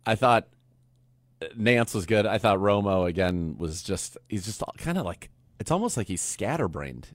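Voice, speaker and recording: A man's voice: on the low side, lively intonation, normal speed, dry recording, studio quality. A man co-hosting a sports podcast, critiquing the broadcast in casual chat.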